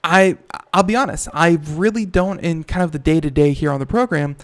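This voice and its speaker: A radio talk show host with a fairly high-pitched, slightly fast voice hosts a computer show. He chats casually and rambles, full of fillers and restarts.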